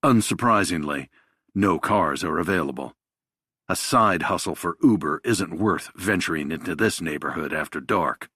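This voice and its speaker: A man narrating a thriller audiobook in a measured, even storytelling manner. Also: low voice, husky, dry recording, clean studio sound.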